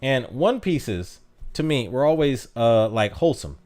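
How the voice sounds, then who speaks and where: A man's voice: mid-range voice, very animated, measured pace, a little mellow. A young man streaming a mobile game, chatting casually with his chat and laughing at himself. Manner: chatty, self-mocking, laughs often.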